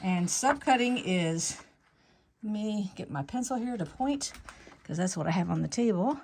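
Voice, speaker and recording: A woman's voice: mid-range voice, expressive, normal speed, darkish tone, slight background noise. A woman hosting her quilting channel, explaining fabric cutting step by step in a chatty, folksy way and stopping to correct herself, recorded at a sewing table at home. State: slightly out of breath. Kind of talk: casual step-by-step sewing tutorial.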